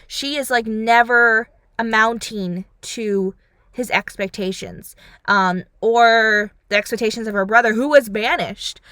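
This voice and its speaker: A woman's voice: fairly high pitch, clean tone, dry recording, studio quality. A young woman vlogger reviewing a series in a rambling casual chat, full of "like" and "um", acting out lines as she goes. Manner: rambling, heavy on fillers like "like" and "um"; animated, acts out characters' lines.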